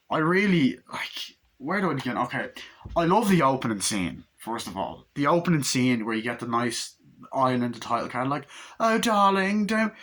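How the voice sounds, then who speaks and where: A man's voice: medium pitch, a bit bright, slight background noise. Hyper, rambling young man reviewing a film. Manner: hyper, rambling, heavy swearing, acts out quotes in silly voices. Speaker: movie reviewer. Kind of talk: casual movie review chat.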